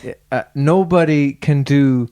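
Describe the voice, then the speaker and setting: A man's voice: fairly high pitch, a little slow, dark tone, clean tone, no echo. Irish man in rambling, laughing chat. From Ireland. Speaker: podcast host. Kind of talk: casual chat.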